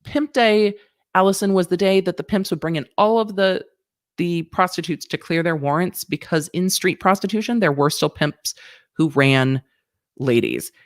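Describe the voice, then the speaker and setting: A woman, a former prosecutor, chatting casually on a livestream about legal news, blunt and quick to laugh, swearing now and then. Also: fairly low pitch, no echo, studio quality. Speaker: legal commentator hosting a livestream; former district attorney. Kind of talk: casual livestream chat answering viewer questions.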